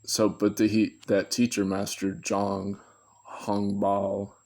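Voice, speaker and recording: Slow, gravelly low-voiced man rambling. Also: monotone, a little mellow. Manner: meandering, self-correcting, thinking aloud. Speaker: video commentator. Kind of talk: rambling unscripted monologue.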